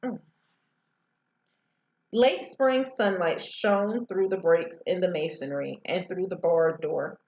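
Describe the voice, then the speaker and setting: A woman's voice: fairly low pitch, darkish tone, reverberant, poor audio. Woman teacher reading a novel aloud. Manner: stumbles and restarts over words. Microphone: headset.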